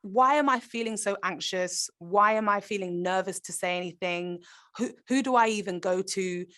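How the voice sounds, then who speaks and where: A woman's voice: mid-range voice, moderate pace, fairly bright tone. A woman, an actor, talking in a conversational interview, earnest and reflective, often restarting her sentences. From Britain.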